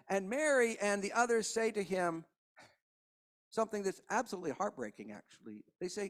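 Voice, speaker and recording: A man, preaching a sermon as pastor, impassioned, with hushed passages and rising emphasis. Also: high-pitched, animated, normal speed, long pauses. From Kentucky.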